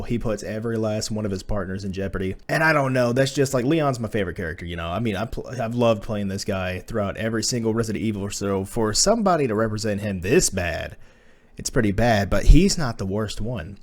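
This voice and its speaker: A man's voice: medium pitch, darkish tone. A man giving a casual spoken movie review, blunt and profane, slipping into exasperated rants.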